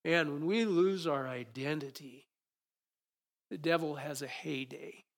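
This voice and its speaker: A man preaching a sermon and leading prayer, moving between quiet prayerful lines and animated, acted-out moments. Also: on the high side, a little slow, creaky.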